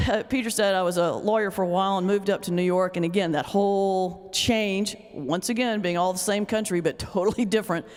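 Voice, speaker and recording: Middle-aged lady minister cracking jokes at a lecture, teasing the crowd, big hall echo trailing off. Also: medium pitch. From North Carolina, US South. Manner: joking storyteller, teasing the audience. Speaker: ordained minister giving a lecture. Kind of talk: humorous lecture with stand-up comedy. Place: large hall before a live audience. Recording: long reverb of a lecture hall.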